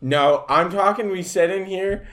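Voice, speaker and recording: A man's voice: high voice, a little slow, a bit bright. A man co-hosting a podcast in casual chat, laughing easily and swearing casually. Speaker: podcast co-host.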